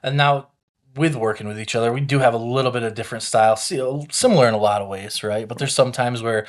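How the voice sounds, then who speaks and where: A man in a middle register co-hosts a business podcast at a brisk clip. He asks quick, prompting questions and often doubles back on his words. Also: medium pitch. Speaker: podcast co-host, company COO. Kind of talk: casual podcast conversation.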